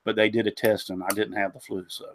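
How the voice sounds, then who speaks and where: A man's voice: lowish voice, flat delivery, quick pace, a little hiss or hum. A man, congested from a cold, hosting a casual woodworking live stream with a rambling manner, lots of fillers and tripping over names. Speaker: host of a woodworking live show.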